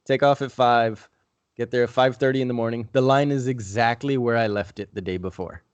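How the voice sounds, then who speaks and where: A man's voice: mid-range voice, fairly even intonation, fairly quick, clear, resonant tone, no echo, muffled recording. A young man telling a long story on a podcast in a casual, rambling way, swearing often. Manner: profane, rambling, laid-back. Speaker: podcast host.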